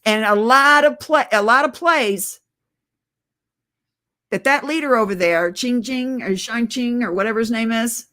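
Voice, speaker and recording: A woman's voice: a little high, normal speed, pushed and bright. A middle-aged woman on oxygen, short of breath, ranting urgently to her viewers in a casual conspiratorial vlog and calling them guys. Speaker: political video blogger. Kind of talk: casual direct-to-camera rant.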